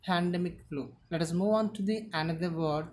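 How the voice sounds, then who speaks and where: A woman teaching vocabulary, repeating each word slowly and stressing its syllables. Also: on the low side, darkish tone, slight background noise. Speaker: English teacher. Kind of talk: slow vocabulary lesson.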